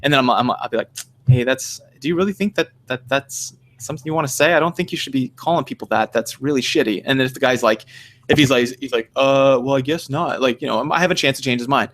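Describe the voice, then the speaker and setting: A man's voice: medium pitch, fast, a bit bright. A man co-hosting a casual podcast discussion, rambling, swearing freely and acting out the arguments he quotes. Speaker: podcast co-host.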